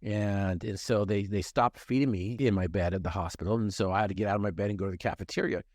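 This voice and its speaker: Earnest low-voiced middle-aged man. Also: fairly even intonation, fast, a little mellow, no echo, clean studio sound. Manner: earnest, emphatic, repeats phrases for effect. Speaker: motivational speaker telling his story. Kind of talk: personal storytelling in a conversation.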